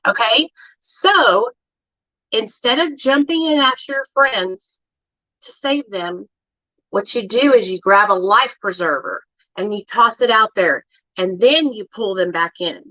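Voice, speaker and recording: A woman's voice: medium pitch, expressive, measured pace, pushed and bright, no echo. A woman hosting a casual livestream, chatting directly to her viewers with lots of fillers. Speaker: livestream host. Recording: dull, dry lo-fi sound.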